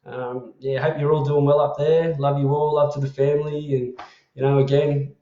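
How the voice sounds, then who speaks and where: An Australian man hosting a casual live chat, rambling and affectionate as he repeats himself through shout-outs to viewers. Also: fairly high pitch, little pitch movement, moderate pace. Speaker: host of an online community live chat. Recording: roomy and dull lo-fi sound.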